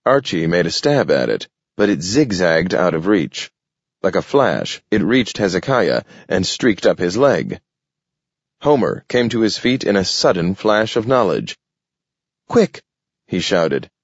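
Male audiobook narrator, low voice, unhurried and measured, dry and slightly dull sound. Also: sing-song, slightly rough, no room sound.

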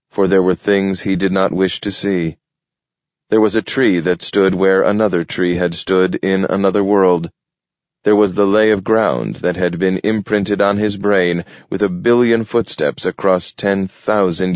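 A man narrates an audiobook in a very deep, steady voice, paced with care. The recording is dull and lo-fi, with a close, dry sound and no room echo. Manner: measured, steady storytelling. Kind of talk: scripted narration.

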